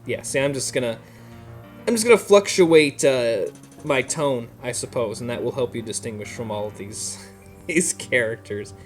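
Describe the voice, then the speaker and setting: Laid-back male gamer with a mid-range voice, chatty and meandering, over quiet game music. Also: medium pitch, moderate pace. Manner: relaxed, rambling, many fillers and laughs. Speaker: let's play host. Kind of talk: casual gameplay commentary.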